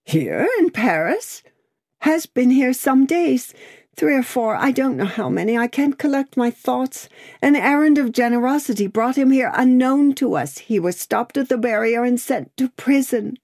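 A woman's voice: on the low side, a little slow, darkish tone, no room sound, clean studio sound. A woman reading the part of a young wife who is pale and desperate, speaking in a breathless, imploring way in an audiobook. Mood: frantic.

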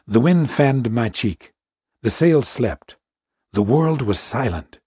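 A man reads a classic sea story aloud in a measured, hushed manner. His voice is husky and of middle pitch. The recording is dry and close. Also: lively intonation, no room sound. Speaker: audiobook narrator.

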